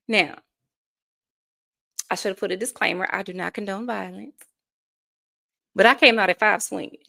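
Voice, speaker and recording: Medium in pitch and fairly even in intonation, this woman's voice moves at normal speed with vocal fry, a sharp tone, and frequent pauses. An American life coach in her forties, she's a guest in an easygoing interview, sincere and story-driven, laughing between thoughts.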